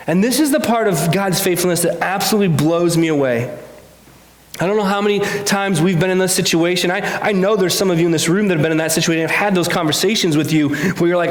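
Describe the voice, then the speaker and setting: A man's voice: high-pitched, fast, echoey room. A man preaching a conversational sermon in a church, earnest and confessional, often restarting his sentences.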